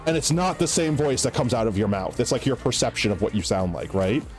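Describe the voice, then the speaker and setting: Nasal-voiced male streamer, very lively. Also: mid-range voice, fairly quick, soft background music. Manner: rambling, full of "like" and "right?". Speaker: live streamer. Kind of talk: casual chat while gaming.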